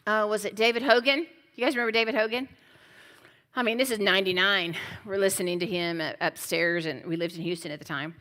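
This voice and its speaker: A woman's voice: medium pitch, fast talker, sharp tone. A middle-aged woman preacher giving a sermon, emphatic and conversational, speaking straight to her congregation.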